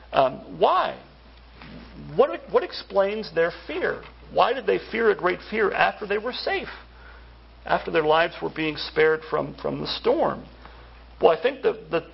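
Guy preaching, high-ish gravelly voice, dull lo-fi recording. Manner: conversational preaching full of rhetorical questions. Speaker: pastor. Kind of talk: sermon.

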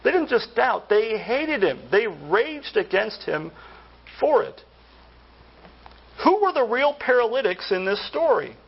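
High, gravelly-voiced man preaching. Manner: earnest preaching, rising emphasis on key words. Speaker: pastor. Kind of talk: sermon. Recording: dull lo-fi sermon recording.

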